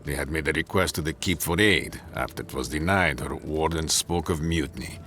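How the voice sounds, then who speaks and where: A man voicing a gruff, weary male dwarf tower commander in a video game, speaking grimly and bluntly. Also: very deep voice, fairly quick, sharp tone, faint music behind, exaggerated voice. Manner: grim, blunt, gravelly.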